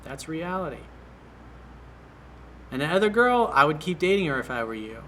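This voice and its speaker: A man's voice: a little high, sing-song, moderate pace, fairly bright tone, a little hiss or hum. A man working as a dating coach, reading out and answering a viewer's email in a blunt, direct way.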